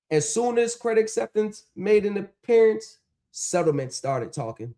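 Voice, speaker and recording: A man hosting a livestream, talking in an animated, mocking rant that is full of profanity and rhetorical questions. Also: high-pitched, moderate pace. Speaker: stream host. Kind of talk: ranting livestream talk.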